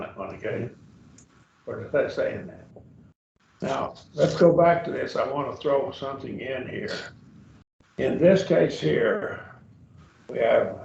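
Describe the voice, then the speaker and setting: A man leads a church classroom lesson at an unhurried pace. His voice has a gravelly edge and takes plenty of time over each point. He sounds distant and roomy on a dull, muffled recording. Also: mid-range voice, darkish tone, slight background noise. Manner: patient, explains step by step, checks with "okay?". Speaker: Bible Greek teacher.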